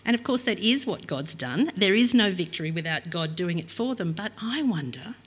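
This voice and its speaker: A woman's voice: on the low side, expressive, normal speed, breathy edge. A middle-aged woman preaching a reflective, earnest sermon and reading scripture aloud.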